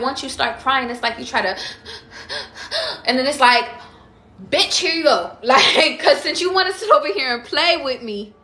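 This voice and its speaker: On a livestream, a woman with a sharp, mid-range voice gives a casual tarot reading, chatty and emphatic, swearing freely and calling viewers out by name. The room is echoey with faint noise.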